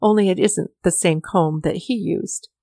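A woman's voice: fairly low pitch, moderate pace, creaky, dark tone, no echo, studio quality. A woman voicing a kindly, chatty elderly male poet who plays an eager host, read in a storybook. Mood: genial.

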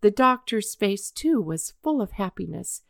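A woman reading a children's story aloud in a measured, expressive way. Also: mid-range voice, creaky, no room sound, studio quality.

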